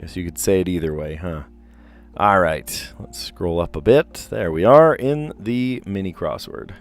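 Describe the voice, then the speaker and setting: A man with a fairly low voice talks his way through word puzzles on a live stream, reading clues aloud and rambling between guesses. His delivery is relaxed and chatty, with faint music sitting behind him. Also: a little slow. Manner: chatty, rambling, reads clues aloud and muses over answers. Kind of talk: casual live-stream commentary, thinking aloud.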